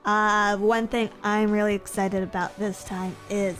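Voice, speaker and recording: A woman's voice: mid-range voice, flat delivery, unhurried, a bit bright, soft background music. A young woman streamer chatting casually with her viewers at the end of a stream, bubbly and playful. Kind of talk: casual stream outro chat.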